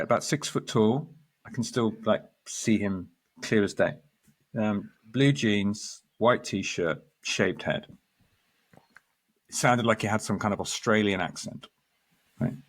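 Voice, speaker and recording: A man, a guest astrologer, telling a story in lively conversation, acting out quoted lines and restarting his sentences. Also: on the low side, measured pace, long pauses, breathy edge. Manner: animated storyteller, quotes others, restarts often.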